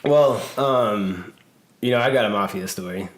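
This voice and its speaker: A man's voice: on the low side, unhurried. Rambling man telling a story, echoey room. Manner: rambling, laughing, many fillers. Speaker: podcast host and personal trainer. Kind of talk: casual storytelling chat. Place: gym or studio room.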